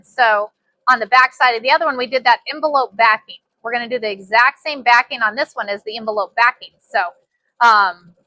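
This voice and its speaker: Bright, excitable woman teaching sewing. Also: high-pitched, no echo. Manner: chatty, excitable, repeats phrases. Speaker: sewing instructor. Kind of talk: casual demonstration.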